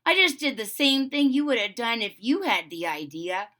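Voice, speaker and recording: A woman voicing a gentle, modest young female puppy in a storybook read-aloud, speaking softly. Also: on the high side, very animated, normal speed. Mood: modest cheerful. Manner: soft-spoken, modest.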